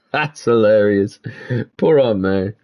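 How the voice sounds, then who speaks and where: A man's voice: on the low side, takes it slowly, dull audio. A man giving gaming commentary and reading in-game text aloud, swearing freely and laughing often. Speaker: gaming video creator.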